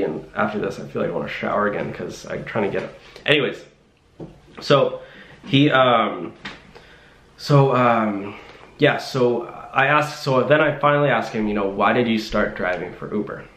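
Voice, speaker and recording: A young man tells a story to camera in a loose, rambling way, stumbling over restarts and fillers. His voice sits at an ordinary middle pitch. The recording is roomy and echoey. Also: measured pace, a bit bright, slight background noise. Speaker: vlogger. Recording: roomy echo.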